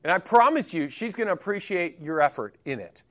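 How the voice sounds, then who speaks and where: Middle-aged male pastor, high voice, conversational sermon delivery with humor. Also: a little fast. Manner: conversational, animated, jokey asides.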